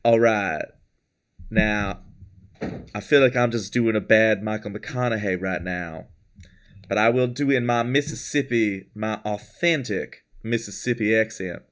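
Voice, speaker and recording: In a lowish, fairly bright voice at normal speed, a man runs a live stream, chatting loosely and laughing often. He calls out names from the chat and thanks followers.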